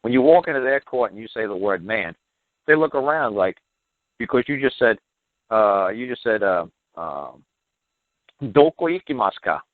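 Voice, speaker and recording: Man, lowish voice, emphatic exasperated lecturing, repeats himself, call-in show guest. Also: animated, normal speed, dry recording. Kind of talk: heated call-in talk. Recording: dry, tinny phone line.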